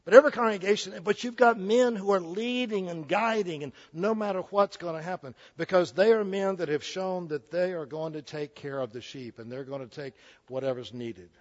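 Heard on a muffled recording, a man in his sixties preaches a folksy, jokey sermon at a moderate pace. His voice sits high, and he often starts sentences over.

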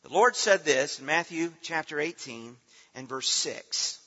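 A middle-aged man preaching a sermon as pastor, earnest, his voice swelling loud and then dropping soft. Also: a little high, lively intonation, a little slow. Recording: dull lo-fi sound in a reverberant hall.

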